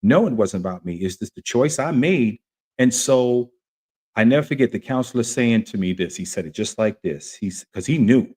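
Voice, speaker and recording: A man hosting a podcast, sharing a personal story in an earnest, animated way. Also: medium pitch, normal speed, husky. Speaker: podcast host. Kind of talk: casual testimony chat.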